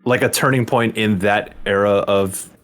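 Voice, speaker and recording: A man's voice: on the low side, moderate pace. A man co-hosting a casual game podcast, hesitant and full of restarts as he explains things. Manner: hesitant, restarts a lot, lively intonation. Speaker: podcast co-host.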